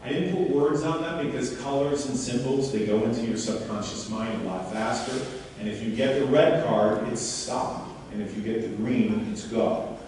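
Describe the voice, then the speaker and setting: A man giving a live workshop demonstration to an audience and coaching a volunteer on stage in an animated, questioning way. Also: mid-range voice, moderate pace. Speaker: seminar speaker. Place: large hall before an audience. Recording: echoey hall, mic far off.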